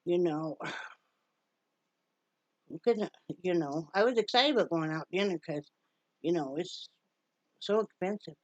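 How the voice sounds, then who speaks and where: A woman's voice: on the low side, dry recording, lo-fi sound. A middle-aged woman from Wyoming chatting casually to her camera at home. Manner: chatty, baby-talks to her dog. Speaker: vlogger.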